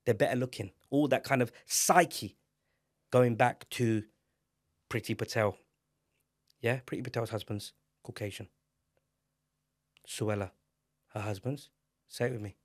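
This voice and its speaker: A man, co-hosting a casual podcast, emphatic and animated, climbing to loud exclamations. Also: medium pitch, unhurried, long pauses, no echo, studio quality. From England. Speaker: podcast co-host.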